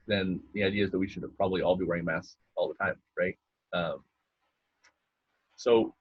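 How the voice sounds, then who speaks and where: Podcast co-host, male, very low husky voice, loose chatty delivery. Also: a bit bright, muffled recording. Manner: loose and conversational, many "right?" and "um". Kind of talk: casual podcast chat.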